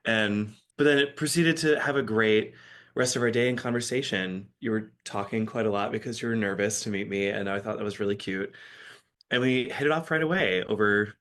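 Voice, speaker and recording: A man from Michigan, a podcast guest, telling a story in casual, animated chat with frequent laughter. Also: fairly low pitch, a little fast.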